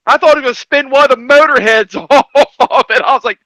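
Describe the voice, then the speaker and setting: A man chatting casually on a livestream, excitable and repetitive, laughing often. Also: very high voice, fast, no room sound, low-quality recording. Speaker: livestream co-host. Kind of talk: casual chat.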